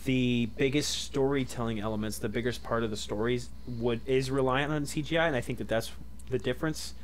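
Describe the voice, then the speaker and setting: A man's voice: mid-range voice, steady tone, a little fast. Young man, podcast co-host, headset mic, easygoing analytical chat, faint noise behind. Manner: analytical, loose and joking. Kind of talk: casual chat.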